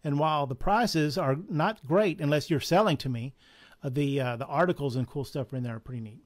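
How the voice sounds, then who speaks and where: Here a Southern man prices items at a live comic shop sale, keeping up a casual, chatty stream of patter. He talks fairly quickly in a fairly high voice, chuckling and tossing in jokey asides.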